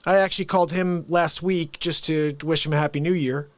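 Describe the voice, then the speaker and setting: A man's voice: a little high, brisk, dry recording. A man hosting a daily live variety show, chatting casually and jokily and laughing often as he wanders from topic to topic. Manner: animated, jokey, laughs often, drifts off topic. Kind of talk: casual livestream chat.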